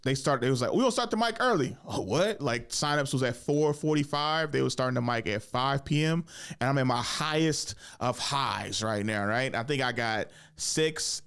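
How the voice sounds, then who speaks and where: A young man hosting a podcast, telling a casual comedy story, swearing freely and jumping into high voices when he acts out what people said. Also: clean tone. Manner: animated, swears often, acts out quotes with big pitch jumps. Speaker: podcast host and stand-up comedian.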